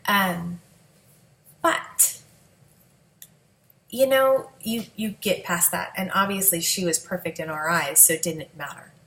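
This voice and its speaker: A woman's voice: fairly low pitch, slow, vocal fry, pauses often, a bit bright, roomy sound, rough recording. A woman, a mother, telling her family's story in a candid, emotional, conversational vlog.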